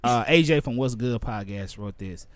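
A man's voice: mid-range voice, normal speed, dry recording. A man co-hosting a podcast, chatting casually and often stumbling over his words. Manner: animated, stumbles and repeats words. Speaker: podcast co-host.

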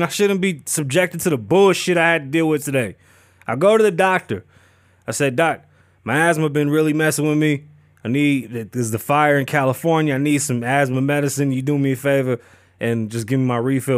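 Guy venting on his own show, cusses a lot, acts out both sides, voice a bit high, dry mic. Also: dry recording. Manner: animated, profane ranting with acted-out dialogue. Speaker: podcast host. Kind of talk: casual storytelling monologue.

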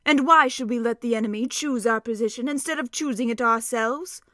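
A woman voicing a wise male centaur who speaks in a slow, measured, solemn way. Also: a little high, bright, forceful tone, no echo, studio quality.

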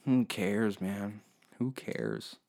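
A man's voice: fairly low pitch, big pitch swings, drawn-out words, creaky, a little mellow. A man riffs alone on his comedy podcast, swearing freely as he rambles. He mocks and sneers at whatever comes to mind. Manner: rambling, profane, mocking. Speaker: podcast host. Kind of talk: solo comedy podcast monologue.

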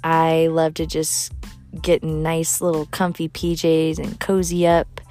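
Brash, slow-talking woman telling gossip. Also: low-pitched, completely flat delivery, darkish tone, soft background music. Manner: brash, profane and gossipy, laughing often. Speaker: storyteller vlogger. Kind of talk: casual storytelling monologue.

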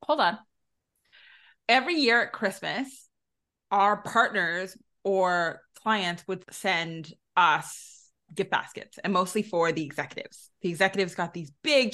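A woman's voice: medium pitch, pushed and bright. A woman co-hosting a podcast in casual chat, cheering her partner on and then telling her own story. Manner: supportive, encouraging interjections. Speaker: podcast co-host.

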